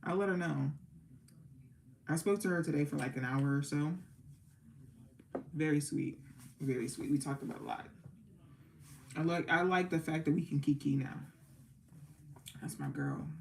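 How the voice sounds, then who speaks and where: A woman's voice: deep voice, big pitch swings, normal speed, pauses often, slight background noise, poor audio. A young woman hosting a tarot livestream, chatting casually and sounding sleepy and a little worn out. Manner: chatty, loose, sings along to music between remarks. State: sleepy and exhausted. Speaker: tarot reader and livestream host.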